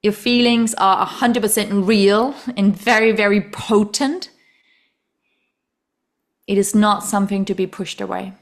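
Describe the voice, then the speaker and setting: A woman's voice: medium pitch, fairly even intonation, measured pace, long pauses. A woman hosting a podcast, chatting casually and emphatically, laughing often and speaking directly to listeners. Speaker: podcast host. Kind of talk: casual conversational podcast chat.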